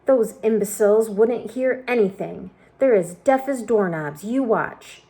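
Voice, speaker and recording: A man's voice: high-pitched, a little slow, mellow. A woman voicing a boastful, rude male centipede in a storybook reading, scornful and taunting. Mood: taunting yell.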